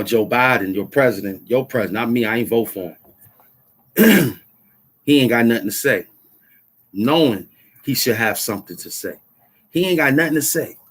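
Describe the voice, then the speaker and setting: Husky middle-aged man ranting. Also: medium pitch. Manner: heated, repeats phrases for emphasis, street slang. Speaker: vlog host. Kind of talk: casual political rant to camera.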